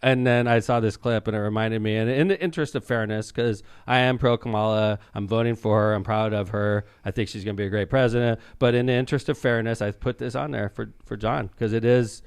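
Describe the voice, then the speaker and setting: A man's voice: lowish voice, steady tone, brisk, few pauses, clean tone, no echo, clean studio sound. A middle-aged man with a Midwestern accent hosting a podcast, talking bluntly and joking about politics. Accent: Midwestern American. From Northwest Indiana. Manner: blunt, jokey, mimics accents. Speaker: podcast host. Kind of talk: casual podcast chat.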